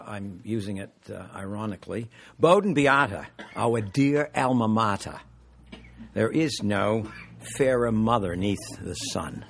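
An older man reading from his own memoir to a live audience in a measured, deliberate way, with occasional hesitations. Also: on the low side, husky.

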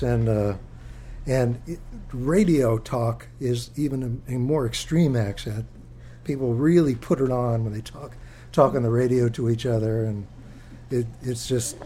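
A man reading from his own book to a live audience, with halting, thinking-aloud asides between passages. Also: mid-range voice, mellow, a little hiss or hum.

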